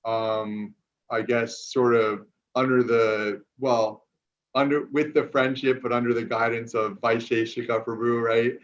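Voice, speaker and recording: A man with a flat, medium-pitched voice speaks at a measured pace, hosting an online gathering from New York City. Running casual Zoom introductions, he uses many fillers and restarts, and the video-call audio sounds dull and lo-fi.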